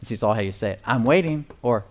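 A man preaching a sermon, slowing down to stress key phrases and calling for responses from the congregation. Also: fairly low pitch, little pitch movement, a little mellow. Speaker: pastor.

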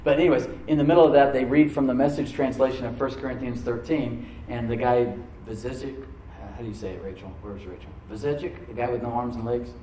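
A man's voice: mid-range voice, fairly even intonation, fast, dark tone, a little hiss or hum. A male pastor preaching to a congregation in a church, talking in a loose, conversational way and often checking in with "Amen?". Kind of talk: sermon. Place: church room before a congregation. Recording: echoey room, mic at a distance.

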